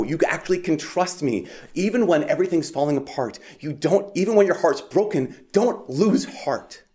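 A man's voice: on the low side, a little mellow. Man preaching a casual Mass homily. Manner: conversational, frequent "like", restarts, emphatic rises.

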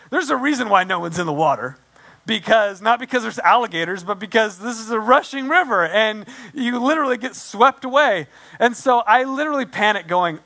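Bright-voiced man telling a sermon story. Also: high voice. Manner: animated, self-deprecating storytelling with acted quotes. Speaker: pastor.

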